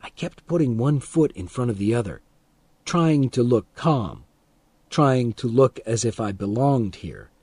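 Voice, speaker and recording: A man reading a first-person story aloud as an audiobook narrator, calm and expressive, for English learners. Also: medium pitch, unhurried, breathy edge, no room sound.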